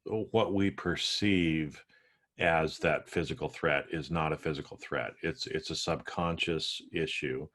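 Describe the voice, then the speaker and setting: A man's voice: very deep voice, fairly even intonation, measured pace, a bit bright. A man co-hosting a podcast, speaking in a reassuring, reflective way with many fillers in casual chat. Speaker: podcast co-host.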